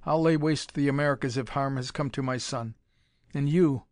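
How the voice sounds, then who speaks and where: A man's voice: medium pitch, moderate pace, dry recording, lightly acted. A man voicing a cruel, mad old emperor who gloats and threatens, in a dry recording. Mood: furious. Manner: gloating, menacing.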